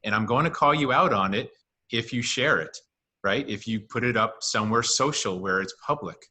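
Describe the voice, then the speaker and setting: Bright-toned man stating firm opinions. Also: on the low side, moderate pace. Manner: firm, matter-of-fact, opinionated. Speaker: podcast co-host. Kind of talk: casual chat over video call. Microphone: video call mic.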